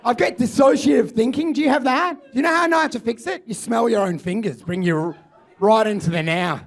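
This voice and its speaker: High, gravelly stand-up comic. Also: male voice, brisk. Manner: loud, crude and rowdy, often shouting. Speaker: stand-up comedian. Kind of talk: stand-up comedy set. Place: comedy club stage.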